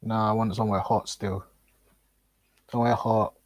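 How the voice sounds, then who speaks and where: A man's voice: fairly low pitch, flat delivery, normal speed, dry recording. A man, co-hosting a podcast in casual chat, laughing often and trading mocking, slangy banter. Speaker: podcast co-host.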